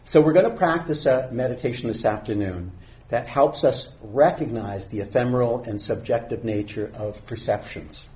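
A man calmly giving a dharma talk as a meditation teacher, speaking unhurriedly. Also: medium pitch. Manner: calm, unhurried, reads a teaching poem slowly.

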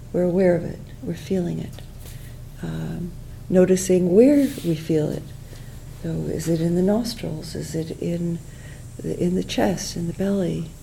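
Soft-spoken woman teaching mindfulness. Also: lowish voice, creaky, a little hiss or hum, rough recording. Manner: gentle, unhurried, many fillers and restarts. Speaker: meditation teacher. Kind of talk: guided mindfulness talk.

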